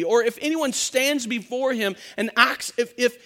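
High-voiced animated male preacher. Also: a little slow. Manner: animated storytelling, acts out quotes, frequent restarts. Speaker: pastor. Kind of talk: sermon.

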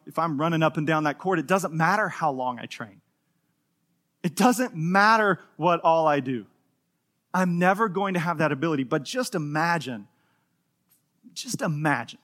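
A middle-aged man preaching a sermon to a congregation, telling stories with playful humor and acting out voices. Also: on the high side. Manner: animated storytelling with playful humor, acting out quotes. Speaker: pastor. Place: church in front of a live congregation.

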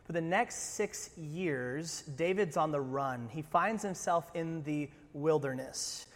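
A pastor preaching a sermon, animated and conversational, with humorous asides. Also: male voice, a little high, slow, long reverb tail.

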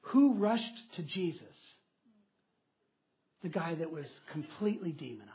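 A man's voice: on the high side, expressive, measured pace, breathy edge, muffled recording. A man preaching a sermon as pastor, asking questions aloud and repeating key phrases for emphasis.

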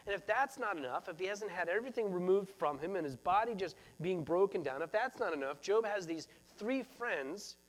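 A man's voice: sits high, expressive, brisk, few pauses. A man preaching a sermon as pastor, earnest and repeating phrases for emphasis.

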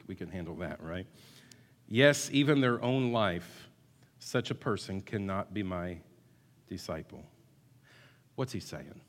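A man preaching a sermon as pastor, emphatic and repetitive, at times rising to call-and-response with the congregation. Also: mid-range voice. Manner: emphatic, builds to loud call-and-response, repeats words. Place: church sanctuary. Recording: long hall reverb.

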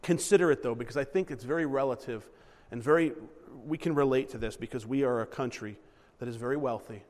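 A man's voice: medium pitch, fast talker, darkish tone, big-room sound. A man preaching a sermon in a conversational style, acting out little asides and correcting himself mid-sentence. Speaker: pastor.

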